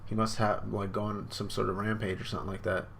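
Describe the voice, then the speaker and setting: A man's voice: on the low side, little pitch movement, a little fast, creaky, very noisy. A man hosting a live manga reaction, rambling and unsure, with lots of fillers.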